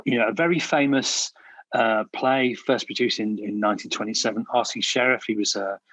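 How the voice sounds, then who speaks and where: A man's voice: on the low side, brisk, fairly bright tone, no echo, poor audio. A man talking as a guest on a podcast in a casual discussion, hesitating often and restarting his sentences. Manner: hesitant, many restarts and fillers. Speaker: podcast guest, film researcher.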